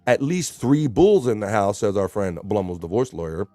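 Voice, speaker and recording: A man hosting a livestream, casually reading horoscopes to his chat and riffing on them in a relaxed, talkative way. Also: on the low side, no echo, faint music behind. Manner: relaxed, chatty, reads slowly then riffs. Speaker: livestream host.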